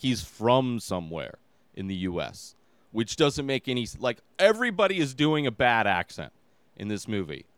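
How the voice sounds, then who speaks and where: A man's voice: mid-range voice, a bit bright, clean tone, no room sound. A man hosting his own podcast, giving a casual movie review in a rambling, exasperated way with lots of filler words. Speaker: podcast host.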